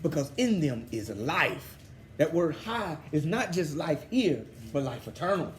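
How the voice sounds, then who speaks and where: A man teaching a scripture study, excited and fervent in a preachy way. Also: on the high side, measured pace. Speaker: Bible teacher.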